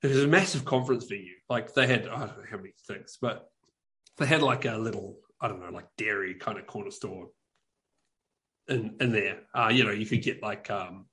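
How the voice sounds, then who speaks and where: A man's voice: fairly low pitch, a little fast, bright, forceful tone. A man with a New Zealand accent co-hosting a podcast, telling a rambling story full of fillers and restarts. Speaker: podcast co-host. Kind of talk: casual chat.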